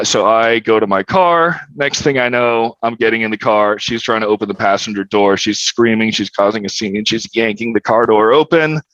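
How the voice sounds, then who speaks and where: A young man with a lowish, dry voice tells a story on a podcast, candid and wry, swearing freely. The sound is a little dull and lo-fi. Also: fairly bright tone, smooth, dry recording. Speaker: podcast guest. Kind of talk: casual storytelling.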